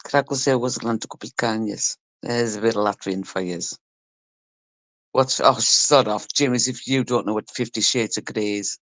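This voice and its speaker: A woman's voice: rumbling low, normal speed, a bit bright, dry recording. A woman livestreaming, casually chatting with her audience and reading comments, teasing viewers with laughter and the odd swear word. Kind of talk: casual chat with a live audience.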